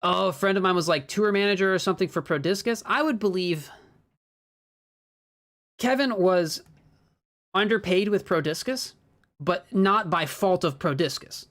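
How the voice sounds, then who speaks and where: A man from Minnesota with a Midwestern American accent, co-commentating a disc golf stream in a chatty, quick way that breaks easily into laughter. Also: high-pitched, fairly bright tone. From Minnesota, USA. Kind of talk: casual live-stream commentary.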